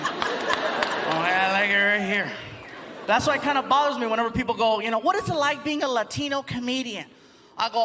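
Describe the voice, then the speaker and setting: A man performing a stand-up comedy set on a live stage, animated and laughing often, slipping into voices for his bits. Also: high voice, fairly quick, some chatter behind. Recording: live show with audience noise.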